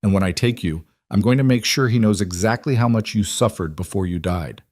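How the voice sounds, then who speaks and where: Smooth menacing mob boss, man reading. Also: lowish voice, fairly quick, darkish tone, no echo, lightly acted. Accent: faint Italian. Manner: smooth, amused, threatening.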